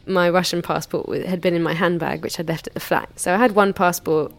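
Low-voiced woman telling a story. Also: fairly quick, vocal fry. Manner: candid, chatty retelling with frequent hedges. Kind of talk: personal anecdote.

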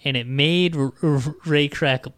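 A man's voice: on the high side, unhurried, a bit bright, dry recording. A man in his thirties hosting a podcast, ranting and cursing casually while reading passages from a book aloud. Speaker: podcast host. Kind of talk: casual comedic book discussion.

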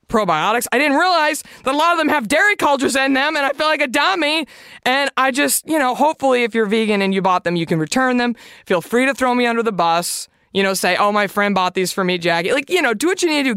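A woman's voice: a little high, a bit bright, no echo, clean studio sound. A woman hosting a podcast alone, chatting in a confessional, emphatic way and swearing freely. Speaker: podcast host. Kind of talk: casual solo podcast chat.

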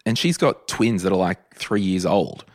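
A man with an Australian accent talks casually to his listeners as a podcast host. His voice sits very low, and the sound is dry and close. He is chatty and emphatic, hammering his points home by repeating them. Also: lively intonation, normal speed, no echo. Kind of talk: casual solo podcast talk.

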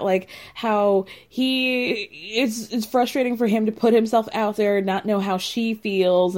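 A woman's voice: fairly high pitch, darkish tone. A woman hosting a podcast, recapping a reality show in casual, blunt and mocking commentary into a close mic. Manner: sarcastic, mocking and blunt, with filler "like".

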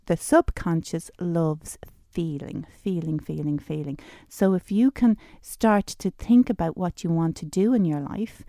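A middle-aged woman leads the talk like a patient teacher, repeating words for emphasis. Her voice sits low and mellow. The sound is close and dry. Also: no room sound. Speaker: host, teacher of personal development. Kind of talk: teaching in casual chat.

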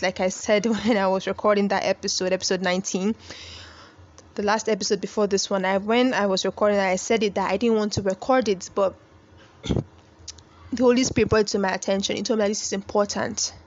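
A woman's voice: medium pitch, lo-fi sound. A young woman hosting a faith podcast, speaking earnestly and pleading with listeners like a preacher. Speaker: podcast host.

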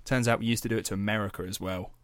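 A man's voice: on the low side, fairly even intonation, very fast, no room sound. Chatty, swearing man on a dry mic. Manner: swears freely, loose and chatty with many fillers. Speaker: podcast host. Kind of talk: casual storytelling chat.

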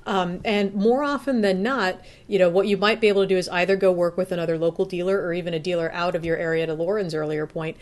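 A woman's voice: fairly low pitch, steady tone, fast talker, hardly any pauses. A woman giving casual, practical advice in an easygoing conversational way, acting out what a buyer might say. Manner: chatty, practical, acts out buyer's inner voice. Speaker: car buying expert guest.

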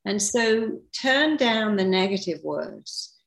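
A woman's voice: mid-range voice, lively intonation, slow pace, vocal fry. A middle-aged woman speaking in a podcast conversation, emphatic, acting out the people she quotes. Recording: roomy echo.

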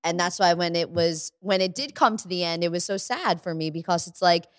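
A woman's voice: fairly low pitch, a little fast, dry recording. A woman co-hosting a podcast in casual chat, rambling with lots of "like" and "you know", on a studio microphone. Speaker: podcast co-host.

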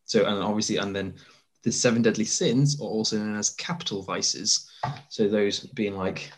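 A man's voice: lowish voice, fairly even intonation, normal speed. A man in casual podcast chat, reading out definitions and facts he looked up. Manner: reads out looked-up definitions and facts, laughs along. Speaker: podcast co-host.

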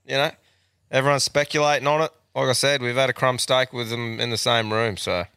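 A laid-back Australian man co-hosting a podcast, swearing freely and laughing easily as he chats. His voice is bright and forward, recorded dry and close with no room sound. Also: medium pitch, steady tone, fairly quick, gravelly, smooth, dry recording. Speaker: podcast co-host. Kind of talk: casual chat.

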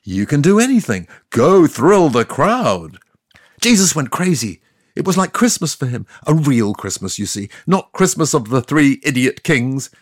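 A man's voice: medium pitch, sing-song, measured pace, dry recording, clean studio sound. A man plays God as a sardonic, chatty ancient deity, telling the story in a scripted comic monologue. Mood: wry.

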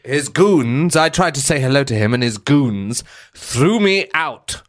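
A man chatting on a podcast who jokes easily and likes doing voices. His voice sits at a middle pitch. He talks in a loose, casual way. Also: lively intonation, unhurried. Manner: jokey, does comic accents. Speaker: podcast guest. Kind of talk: casual chat.

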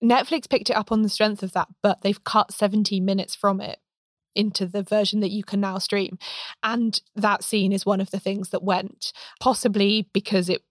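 A woman co-hosting a podcast who gives wry, measured remarks on a film in a casual chat. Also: medium pitch, steady tone, no room sound, studio quality. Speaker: podcast co-host.

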